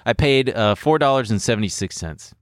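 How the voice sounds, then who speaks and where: A man's voice: medium pitch, animated, fairly quick, no room sound, clean studio sound. A young man hosting a casual podcast, joking around and rambling as he explains his trades. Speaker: podcast host. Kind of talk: casual crypto chat. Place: studio.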